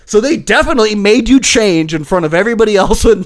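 A man with a high, bouncy voice that swings widely as he talks. He co-hosts a podcast in loose, casual chat, laughing often and slipping into little acted-out voices mid-story. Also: quick pace. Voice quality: animated, laughs often, acts out voices in stories. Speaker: podcast co-host.

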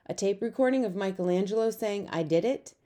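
A woman's voice: medium pitch, fairly quick, dark tone, lightly acted. A woman voicing a practical, impatient young boy in an audiobook, talking in a matter-of-fact, teasing way.

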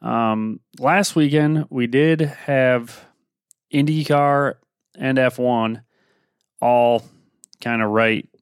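A man hosts a motorsport podcast and talks through the weekend's results in a loose, rambling way, full of ums and uhs. His voice is smooth and clear at a middling pitch. It sounds close and dry, with no room around it. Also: very slow, pauses often, no echo. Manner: relaxed, rambling with many fillers. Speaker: podcast host. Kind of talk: casual motorsport recap.

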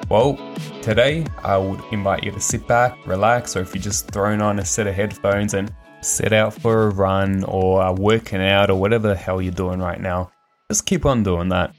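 A man hosting his own podcast in a casual, candid monologue with frequent fillers. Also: lowish voice. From Australia. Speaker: podcast host.

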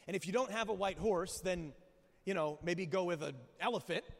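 A man preaching a sermon as a pastor, telling stories with lively rhetorical asides and questions to the church. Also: high voice, moderate pace, gravelly. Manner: animated storytelling, rhetorical asides. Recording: long hall reverb.

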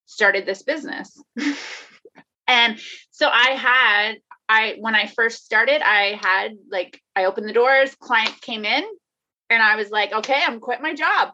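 A woman's voice: on the high side, slow pace, pushed and bright. A woman talking candidly in a casual conversation, laughing often, swearing and restarting her sentences. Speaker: guest, life coach. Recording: dull lo-fi sound.

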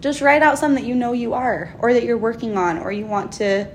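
Earnest, enthusiastic young mom co-host. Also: female voice, on the high side, fast talker, a little hiss or hum. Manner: earnest, enthusiastic, animated in quoted speech. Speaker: podcast co-host. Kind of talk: casual chat.

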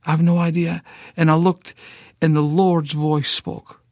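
A man's voice: a little high, little pitch movement, a little slow, a little mellow, dry recording, clean studio sound. A middle-aged Scottish man telling an emotional personal testimony, stammering and repeating words as he tells it vividly. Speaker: ministry founder, guest.

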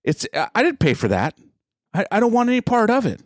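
Blunt, lively-voiced man ranting. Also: high voice, fast, no room sound, studio quality. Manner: blunt, emphatic ranting with laughs. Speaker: podcast co-host. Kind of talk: casual chat.

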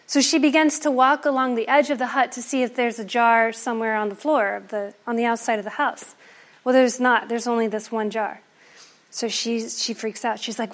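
A woman performing an oral folktale in a lively, playful way. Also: on the high side, moderate pace. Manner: lively, animated, playful asides. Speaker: storyteller.

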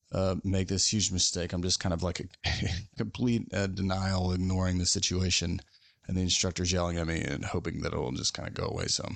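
A man's voice: sits low, gravelly, fairly bright tone, dry recording. A man hosting a podcast, telling a story in a casual, rambling, self-mocking way with lots of fillers. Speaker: podcast host.

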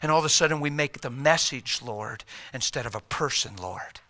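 A middle-aged man preaching a sermon in a church, plain-spoken and folksy, swinging between loud urgent exhortation and quiet intimate hush. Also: mid-range voice, moderate pace. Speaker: pastor.

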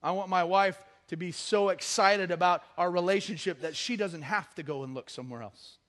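A middle-aged man preaches in a high, light voice, keeping the sermon conversational and personal. He mixes humor with earnest appeals and swings between quiet asides and loud, emphatic bursts. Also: normal speed. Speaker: pastor.

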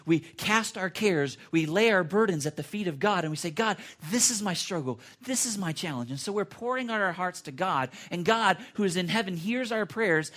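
Male pastor, slightly high-pitched, earnest conversational sermon delivery, repeats himself. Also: fairly bright tone. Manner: earnest, conversational preaching with repetitions and restarts.

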